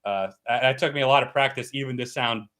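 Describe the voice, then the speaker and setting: A man's voice: mid-range voice, quick pace, pushed and bright. A man from the United States hosting a casual livestream, explaining at length with plenty of fillers and restarts. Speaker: livestream host.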